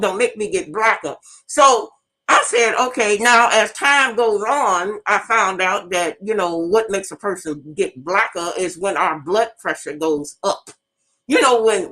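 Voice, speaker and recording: A woman's voice: mid-range voice, fairly bright tone, rough recording. A middle-aged woman hosting an online radio talk show, telling stories bluntly and speaking straight to her listeners. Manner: storytelling, addresses audience directly, emphatic and blunt. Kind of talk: casual monologue to listeners.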